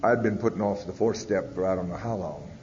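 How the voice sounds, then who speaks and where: Man, low voice, plainspoken storyteller at a podium, echoey hall on dull old tape. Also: fairly quick, a little mellow, slight background noise. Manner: storytelling, frequent "uh" and "you know", blunt language. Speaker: speaker at a recovery convention. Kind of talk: personal testimony talk.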